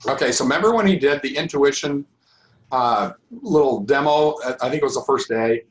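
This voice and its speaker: A middle-aged man with a hoarse, worn voice, leading a small informal class on holistic healing. He talks loosely and restarts sentences as he goes, at an ordinary mid pitch. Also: a little fast, poor audio. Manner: rambling, restarts sentences often. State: losing his voice. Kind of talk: informal online class talk.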